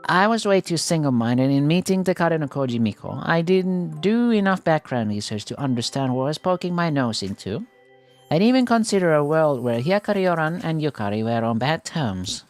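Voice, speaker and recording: A man reads out a teenage girl who leads the school festival club, earnest and driven. The line swings up and down as it goes, while soft music plays under the game story reading. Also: on the high side, very animated, normal speed. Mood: regretful.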